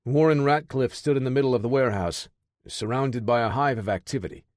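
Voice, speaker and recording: A man narrating an action audiobook in a steady, measured voice. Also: mid-range voice, no echo, clean studio sound.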